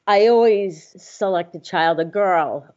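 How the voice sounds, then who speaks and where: A woman guest telling a personal story in a casual, animated way, often laughing and acting out what others said. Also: lowish voice, takes it slowly. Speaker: interview guest. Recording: slightly dull lo-fi sound.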